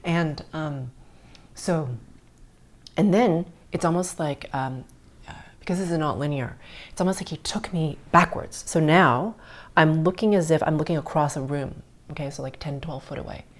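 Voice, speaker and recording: With a low voice at normal speed, a middle-aged woman tells her own experience on her spiritual podcast. She's earnest throughout and slips into gentle whispers during the tender parts.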